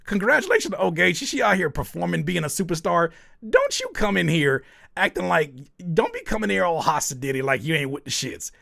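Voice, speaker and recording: Pitched high with some vocal fry, this livestream host speaks slightly quickly, and the recording is clean studio sound without room noise. He reads through chat in a lively, teasing way, playfully scolding his audience.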